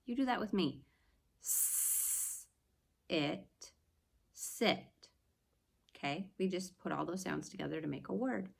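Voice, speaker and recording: A woman teacher giving an early-reading phonics lesson, patiently sounding out words slowly and clearly for young children. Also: on the low side, expressive, a little mellow.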